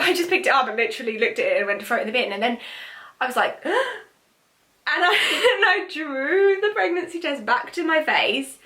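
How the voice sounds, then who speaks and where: A young woman answering viewer questions as a spiritual reader, in chatty, animated talk full of fillers. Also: a little high. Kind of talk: casual Q&A monologue.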